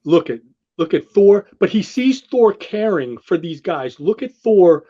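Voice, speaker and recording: Man, high voice, excitable and gushing, rambling casual talk, dull lo-fi recording. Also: measured pace. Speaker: show host walking through a comic. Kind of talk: enthusiastic casual commentary. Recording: dull lo-fi sound.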